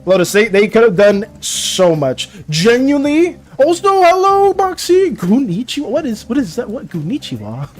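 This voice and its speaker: A young man in his twenties talks casually with viewers while he draws on stream. His voice sits high and bounces through a very wide range. He rants excitably, stumbles over restarts and keeps laughing between thoughts. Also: moderate pace, hardly any pauses, faint music behind. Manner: excitable ranting, stammering restarts, frequent laughter. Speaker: art streamer. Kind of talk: casual live-stream chat.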